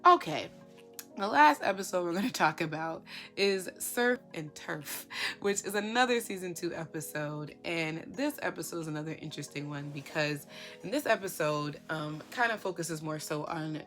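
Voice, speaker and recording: A woman giving casual commentary, talking in an animated way with lots of rhetorical questions and fillers. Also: low-pitched, normal speed, soft background music.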